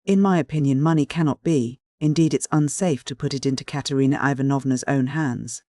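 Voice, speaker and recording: A man reading a pompous, formal middle-aged gentleman. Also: mid-range voice, steady tone, fairly quick, no echo, clean studio sound, natural voice. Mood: condescending. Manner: stiff, formal and condescending.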